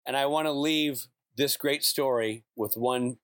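Man, slight lisp, mid pitch, dry close mic, animated and self-deprecating guest. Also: measured pace, no echo. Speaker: podcast guest. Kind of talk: casual podcast chat.

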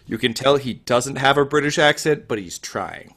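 A man narrating a tabletop game as game master, lively and animated. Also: medium pitch, normal speed. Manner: lively, animated, loose with fillers.

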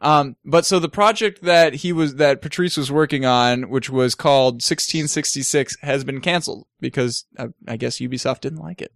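Young male co-host, mid-pitched, dry close sound, wry casual news reading. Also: moderate pace, vocal fry, hardly any pauses, no room sound. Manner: wry, laughs easily, reads news items. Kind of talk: casual gaming news chat.

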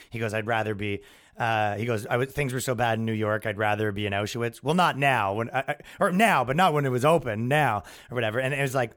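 A man's voice: mid-range voice, a bit bright. A young adult man hosting a podcast, ranting casually and acting out quotes in his own voice. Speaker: podcast host. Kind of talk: casual comedic rant.

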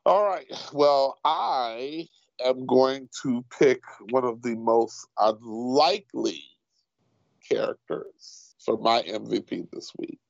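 Male podcast co-host, mid-pitched with a gravelly edge, wry and emphatic, on dull lo-fi audio. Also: takes it slowly, no room sound. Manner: leads the segment, wry and emphatic. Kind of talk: casual TV recap chat.

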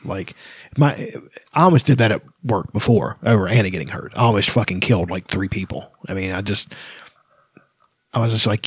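A podcast co-host with a lowish, slightly rough voice talks briskly and animatedly in casual chat. He tells heated, profane stories about bad jobs, with no echo in the recording.

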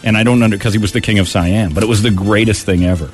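A man's voice: lowish voice, fairly even intonation, racing, soft background music. A man hosting a radio show, joking, laughing often and slipping into impressions. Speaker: radio host. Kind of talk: casual chat.

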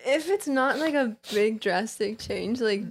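A young woman singer, a guest on a podcast, chatting casually and asking teasing questions with soft laughs. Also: fairly high pitch, lively intonation, measured pace, breathy edge. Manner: curious, teasing, laughs softly. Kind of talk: casual chat.

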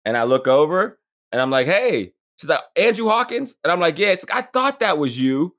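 A man co-hosting a podcast in casual chat, telling a story with lively acted-out quotes. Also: on the high side, a little fast. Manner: animated storyteller, acts out quotes. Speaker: podcast co-host.

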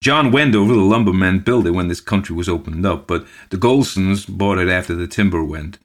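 A man's voice: deep voice, a little fast, close to an everyday voice. A man doing an old, placating postmaster. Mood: earnest. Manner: calm, placating, murmuring. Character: old male country postmaster, patient.

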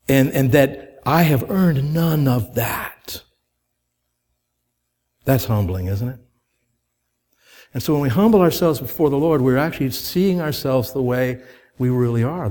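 A pastor with a warm, medium-pitched voice preaches a sermon to his congregation conversationally, posing rhetorical questions. As he goes and gets stirred, he grows emphatic and speeds up.

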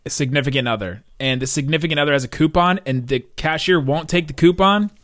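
A chatty man co-hosting a sports podcast, talking in a fairly high voice. He rambles with lively energy and laughs easily, and the sound is dry and close. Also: fast talker, no room sound. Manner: rambling, animated, laughs often. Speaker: podcast co-host. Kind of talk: casual sports podcast chat.

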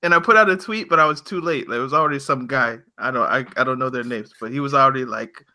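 Bright-voiced jokey man. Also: mid-range voice, fast. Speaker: podcast co-host. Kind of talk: casual chat.

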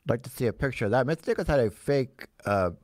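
A man hosting a playful live stream with jokey, energetic banter. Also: mid-range voice, fast, no room sound. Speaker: host.

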